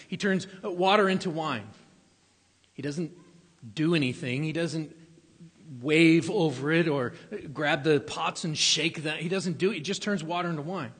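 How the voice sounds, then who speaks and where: Husky male preacher in a reverberant hall. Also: fairly high pitch, a little slow, fairly bright tone. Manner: conversational, emphatic repetitions, some stumbles. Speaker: pastor. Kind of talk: sermon.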